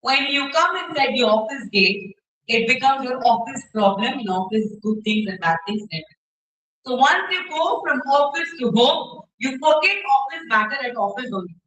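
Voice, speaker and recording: A woman's voice: sits high, animated, moderate pace, fairly bright tone. Woman, Indian English accent, trainer, interactive workshop talk, demonstrates gestures, echoey hall, distant mic. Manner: checks in with the audience often, demonstrates gestures. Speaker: soft skills trainer. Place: university hall. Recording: roomy hall, mic far off.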